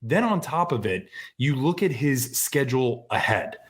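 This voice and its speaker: A man co-hosting a fantasy football podcast, talking in excitable, profane, casual sports chat. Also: medium pitch, moderate pace. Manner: excitable, swears freely, laughs at himself.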